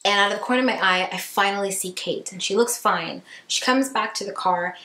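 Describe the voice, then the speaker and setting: A woman vlogger recounts a story in a lively, chatty voice, sprinkling in fillers and acting out what people said. Her pitch sits in the middle of the range. The room gives the voice a noticeable echo. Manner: animated storytelling full of "like" and acted quotes. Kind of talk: storytime vlog.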